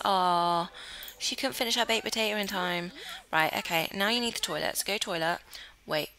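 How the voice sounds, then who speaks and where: Talking a little fast with few pauses, a young Cornish-accented YouTuber from Cornwall, England, gives relaxed let's-play commentary. Her medium-pitched voice is bright and forceful, and she coaxes her character along, occasionally whispering.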